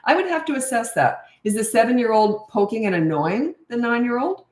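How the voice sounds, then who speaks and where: A woman's voice: fairly high pitch, expressive, fairly quick, darkish tone. Chatty middle-aged woman in roomy echo. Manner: chatty, reads out viewer questions and answers frankly. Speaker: parenting coach and host. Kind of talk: casual live Q&A. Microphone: camera mic.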